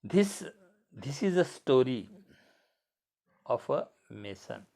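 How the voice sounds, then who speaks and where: Slow, deliberate male teacher. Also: medium pitch, big pitch swings, creaky, mellow. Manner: slow, deliberate, repeating words for learners. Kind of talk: bilingual classroom lesson.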